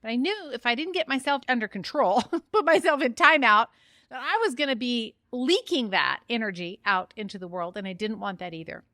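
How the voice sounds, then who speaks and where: A middle-aged woman hosts a candid solo podcast with a bright, forceful voice pitched a little high. She talks openly and chattily, pokes fun at herself and gets fired up quickly. The sound is close and dry. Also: animated, no room sound. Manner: open, chatty and self-mocking, fires up quickly. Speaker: podcast host.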